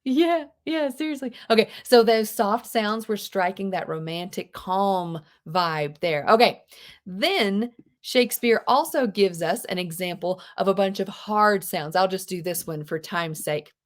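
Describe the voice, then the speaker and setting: A woman teaching a live online English class, chatty and expressive, with unhurried explanations. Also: mid-range voice. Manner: chatty, expressive, reads lines aloud dramatically. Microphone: video call.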